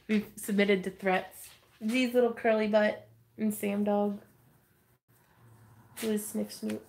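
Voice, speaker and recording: A woman's voice: mid-range voice, level tone, slow, gravelly, a little mellow, slight background noise. A young woman hosting a casual craft livestream, reading viewer comments and chatting with giggles and fillers. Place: home craft room.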